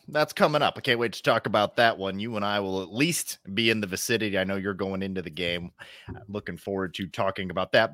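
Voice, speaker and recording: A man's voice: lowish voice, fairly bright tone, no room sound, clean studio sound. A young American man co-hosting a casual sports podcast, joking and teasing his partner. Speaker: podcast co-host.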